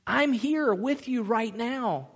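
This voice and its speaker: A man preaching a sermon as pastor, animated, acting out the people he quotes and laughing often. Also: very high-pitched, slow pace, long reverb tail. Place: church sanctuary.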